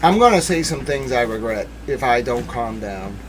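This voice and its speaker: A young man hosting a true-crime livestream, reading court papers aloud and swinging from hushed muttering to outbursts of shouting. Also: medium pitch, lively intonation, moderate pace, a little hiss or hum, poor audio. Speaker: livestream host.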